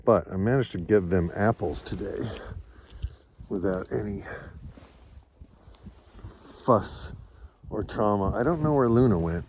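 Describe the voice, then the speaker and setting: A man's voice: on the low side, expressive, a little slow, pauses often, a little mellow, slight background noise. A man, a sheep farmer, talking in a rambling, reflective vlog monologue outdoors on a snowy farm, now and then calling to his dogs.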